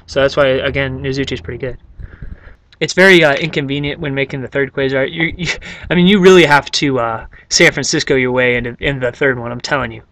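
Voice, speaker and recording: A man's voice: mid-range voice, steady tone, fast talker, fairly bright tone, dry recording. A man casually explaining his card game deck, rambling and joking with many fillers. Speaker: YouTube card game creator.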